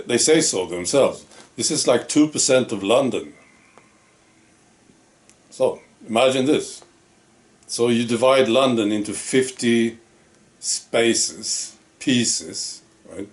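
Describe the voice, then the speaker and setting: A man's voice: mid-range voice, takes it slowly, long pauses. A man giving a casual monologue to camera as a video commentator, often tagging his statements with rhetorical questions.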